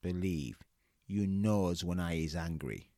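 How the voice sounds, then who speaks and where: A man's voice: sits low, takes it slowly, warm tone, no room sound, studio quality, voice pushed down. A man playing a surly teenage boy who puts on crude street slang in a comedy sketch. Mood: sneering.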